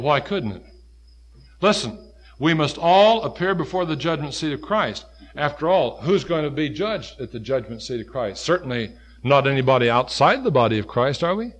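A man preaching a sermon, quoting scripture in old King James wording and swinging from emphatic, loud peaks down to low, quiet stretches.

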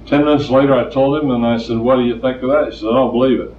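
A man's voice: medium pitch, steady tone, quick pace, a little hiss or hum. An older man preaching a plainspoken sermon, telling stories and hammering points with repetition. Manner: plainspoken, storytelling, emphatic repetition. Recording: distant roomy lo-fi recording.

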